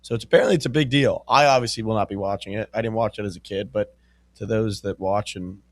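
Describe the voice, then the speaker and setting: Young guy on sports radio, low voice, dry close sound, kinda dismissive. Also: quick pace, dry recording. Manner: dismissive, rambling. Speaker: radio show co-host. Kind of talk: casual sports radio chat.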